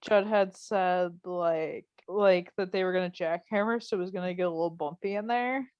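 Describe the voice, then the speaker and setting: A woman's voice: fairly low pitch, moderate pace, clear, resonant tone, no room sound, dull audio. A young woman co-hosting a podcast, chatting casually and acting out quotes with lots of fillers. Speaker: podcast co-host. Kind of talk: casual chat recapping a TV episode.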